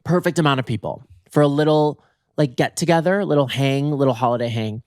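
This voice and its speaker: Animated, swearing comedic host, dry sound. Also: male voice, a little fast, no room sound. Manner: animated and exaggerated, swinging pitch for quoted voices; casual, swears freely. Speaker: podcast host. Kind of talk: solo comedic storytelling.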